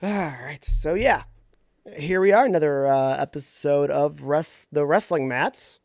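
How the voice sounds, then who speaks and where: A man's voice: fairly high pitch, measured pace, creaky, a little mellow, no room sound, studio quality. A man co-hosting a casual wrestling podcast, rambling loosely and laughing easily. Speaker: podcast co-host.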